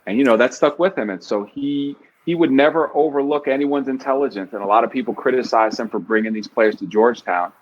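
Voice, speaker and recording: A man's voice: mid-range voice, brisk, hardly any pauses. A man talking as an author in a casual podcast discussion, earnest and reflective. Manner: earnest, reflective, quotes from the book. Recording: dull lo-fi podcast audio.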